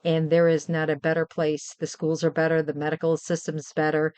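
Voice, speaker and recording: A woman's voice: sits low, completely flat delivery, fairly quick, darkish tone, clean tone, dry recording. A middle-aged woman from Western New York, chatting casually and heartfeltly with her stream viewers, rambling and repeating herself. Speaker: livestream host.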